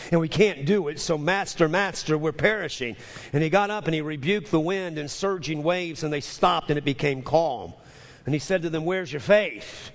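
Male pastor preaching, high voice, stammering restarts, emphatic repeats, hall reverb. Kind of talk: sermon.

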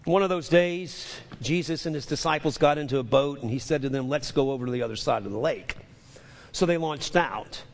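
Male pastor preaching, high voice, stammering restarts, emphatic repeats, hall reverb. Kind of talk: sermon.

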